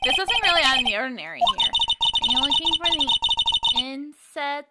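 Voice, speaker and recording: A woman's voice: high-pitched, sing-song, brisk, very noisy. Woman doing a shy polite little girl.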